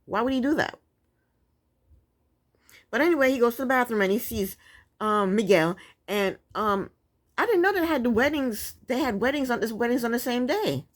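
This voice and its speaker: A woman's voice: fairly high pitch, animated, normal speed, long pauses. A woman giving a casual, opinionated TV recap, blunt and sassy, with chatty asides. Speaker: TV recap vlogger.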